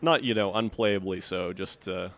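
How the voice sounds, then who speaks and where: A man streaming a video game live, talking to himself and his viewers as he plays. He jokes, thinks aloud and chats casually. His voice sits a little low. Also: normal speed, fairly bright tone. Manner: chatty, joking, thinks aloud. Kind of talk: live gameplay commentary.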